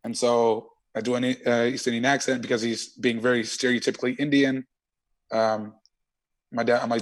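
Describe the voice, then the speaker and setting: A man, a stand-up comedian, telling stories in an animated, slangy and profane way as an interview guest. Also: medium pitch, moderate pace. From Canada. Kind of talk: casual interview chat.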